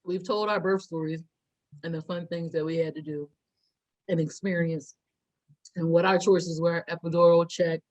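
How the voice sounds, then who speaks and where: A woman's voice: lowish voice, normal speed, long pauses, rough recording. A woman in her thirties co-hosting a podcast, chatting casually and laughing often while she eats. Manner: animated, laughs often, eating while talking. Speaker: podcast co-host. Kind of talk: casual chat over a meal.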